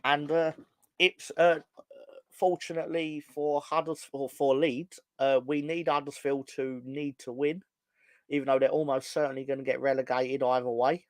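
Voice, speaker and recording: A man's voice: medium pitch, level tone, normal speed, dry recording. A man co-hosting a casual football fan show, rambling and sardonic, swearing freely. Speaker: football podcast co-host.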